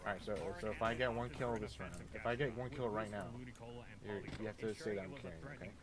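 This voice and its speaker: Brief: low-voiced young guy, cocky gamer banter, loud game sounds behind him. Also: fairly even intonation, fast, a crowd in the background. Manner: teasing, boastful, stammering restarts. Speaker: gamer on voice chat. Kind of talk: casual trash-talk during a shooter match.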